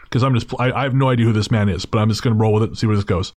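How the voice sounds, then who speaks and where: A man's voice: fairly low pitch, racing, a little mellow, no echo, studio quality. A man hosting a podcast, telling a story in a casual, wry and digressive way, with frequent restarts. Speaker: podcast host.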